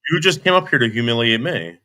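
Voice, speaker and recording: Livestream host, man, lively pitch, insistent, keeps cutting in. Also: quick pace, clean tone, no echo, clean studio sound. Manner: insistent, keeps trying to cut in. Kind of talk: heated livestream argument.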